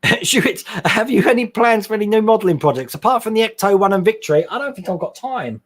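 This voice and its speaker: Chatty man with a high voice. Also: lively intonation, fast. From England. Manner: chatty, laughs often, reads out chat questions then answers. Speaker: host of a scale modelling live stream. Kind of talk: casual live-stream chat reading viewer comments.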